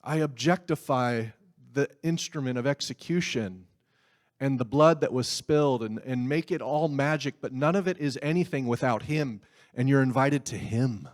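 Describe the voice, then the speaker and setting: A man's voice: mid-range voice, normal speed. A man preaching a sermon in a conversational way, with asides and laughs. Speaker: pastor.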